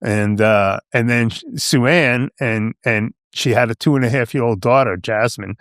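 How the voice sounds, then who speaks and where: A podcast guest in his seventies from Long Island, New York, rambles through a casual story, peppering it with "you know" and "right?" He has an unhurried, mid-range voice with a fairly bright tone, captured in clean studio sound with no room sound.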